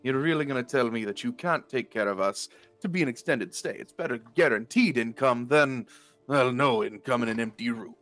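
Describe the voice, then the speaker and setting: A man's voice: medium pitch, brisk, a bit bright, no room sound, faint music behind. A man playing a tabletop game as a player, haggling in a wry way. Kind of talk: tabletop role-play.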